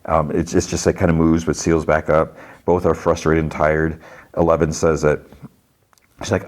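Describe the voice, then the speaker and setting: A deep, low-pitched male podcast host recaps a show in a loose, casual way. He rambles and fills the gaps with fillers as he retells each scene. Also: little pitch movement, normal speed.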